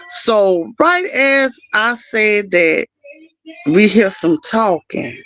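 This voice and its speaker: A middle-aged woman on a livestream, telling a story in an animated, casual way straight to her viewers. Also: medium pitch, drawn-out words, long pauses, no echo. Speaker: livestream host.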